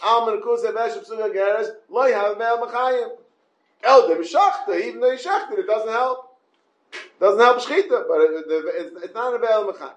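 A man's voice: sits high, reverberant, lo-fi sound. A man giving a Talmud class. He stumbles over his words and often asks the listeners questions. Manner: halting, repeats words and restarts often. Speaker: Talmud teacher.

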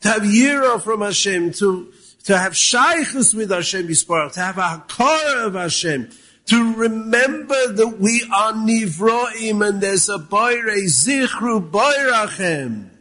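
With a high, sharp-toned voice, he sounds animated yet keeps a measured pace. He gives a Torah talk in Yeshivish English dotted with Yiddish and Hebrew, asking rhetorical questions, quoting Hebrew texts and occasionally raising his voice to press a point.

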